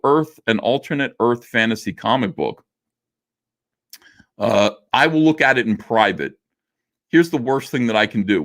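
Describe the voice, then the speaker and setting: A middle-aged man with a fairly low voice chats on a livestream, answering viewers in a loose, joking, self-deprecating way. His talk is full of fillers and restarts, and he drifts between asides. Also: fairly bright tone. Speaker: livestream host reading super chats. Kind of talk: casual livestream chat.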